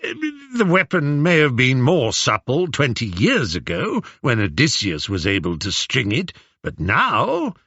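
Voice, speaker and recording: A man's voice: mid-range voice, wildly swooping pitch, a little slow, few pauses, fairly bright tone, husky, dry recording, muffled recording, full character voice. A man voicing an arrogant young nobleman who leads a group of suitors, pompous, barking and indignant. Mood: blustering.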